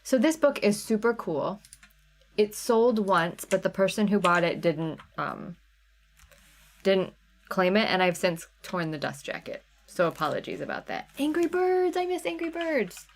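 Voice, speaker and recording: A woman's voice: lowish voice, unhurried, creaky, slight background noise. A woman hosting a live craft sale, chatting casually and answering viewers by name. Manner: chatty, reads out viewer names and chat comments. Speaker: livestream sale host.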